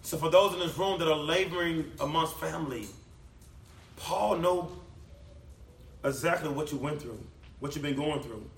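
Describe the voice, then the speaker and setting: A man preaching a sermon in a church hall, emphatic, swinging between loud declamation and low quiet passages. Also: moderate pace, vocal fry, pauses often, far from the mic, slight background noise. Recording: echoey room, voice from off the mic.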